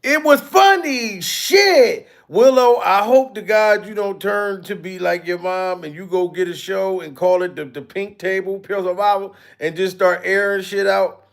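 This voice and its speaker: A man hosting a comedic livestream, animated and incredulous, swearing freely. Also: sits high, normal speed, vocal fry, few pauses.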